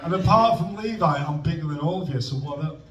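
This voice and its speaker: On stage at a comedy club with a crowd audible, a young male open-mic comedian talks quickly in a voice on the high side with lively intonation. He rambles, pokes fun at himself and trails off awkwardly mid-joke, all heard through a distant mic in a roomy venue.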